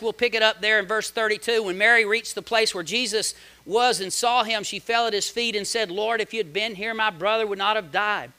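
A man preaching a sermon and reading scripture aloud, with dramatic swings between loud, high emphasis and quiet, low asides. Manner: dramatic preaching with big swings in loudness and pitch; reads scripture aloud and comments on it. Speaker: pastor.

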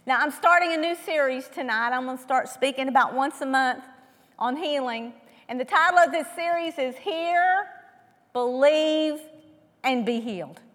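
A woman preaching a sermon who asks rhetorical questions and moves between loud emphasis and hushed tones. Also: high-pitched, normal speed. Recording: long hall reverb.

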